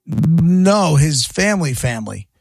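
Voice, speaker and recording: A man's voice: fairly high pitch, very animated, a little slow, creaky, a little mellow, no room sound. A man hosting a radio show, chatting loosely and telling a story with jokes. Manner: loose, joking, rambling storyteller. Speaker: radio host. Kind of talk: casual sports radio banter.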